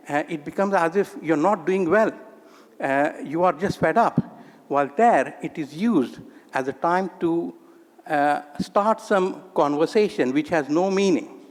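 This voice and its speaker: A man's voice: fairly high pitch, darkish tone. Hesitant man in echoey hall. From India. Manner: hesitant, frequent ums and uhs, advising. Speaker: conference speaker, psychiatrist working in the UK. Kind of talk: conference talk giving advice. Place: conference hall. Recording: echoey conference hall with long reverb.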